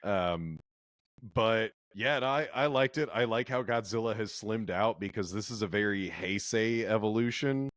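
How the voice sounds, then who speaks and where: A man on a movie podcast, giving his take in a thoughtful, halting way with many fillers. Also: fairly low pitch, fairly bright tone, no room sound, studio quality. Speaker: podcast co-host. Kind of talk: casual movie review chat.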